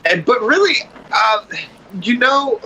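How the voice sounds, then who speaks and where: A man telling a wild story as a podcast guest, animated and profane, acting out the voices of the people in it. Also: very high voice, slow pace, a little hiss or hum, low-quality recording. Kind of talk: casual storytelling.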